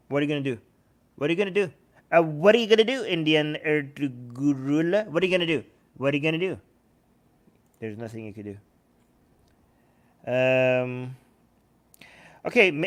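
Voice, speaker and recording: A man hosting a live stream, giving heated, sarcastic commentary and yelling in bursts into a handheld microphone. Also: a little high. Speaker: livestream host.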